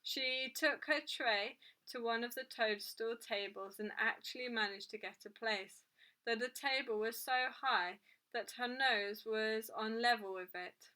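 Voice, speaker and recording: Bright-voiced woman reading a storybook. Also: a little high, a little slow. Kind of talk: reading a children's book aloud.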